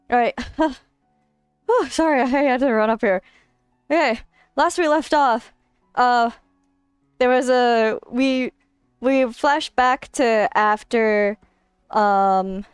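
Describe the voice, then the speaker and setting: A woman's voice: on the high side, clear, resonant tone, no room sound, clean studio sound. A young woman streaming a game, chatting casually and apologetically with lots of fillers. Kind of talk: casual live-stream chat.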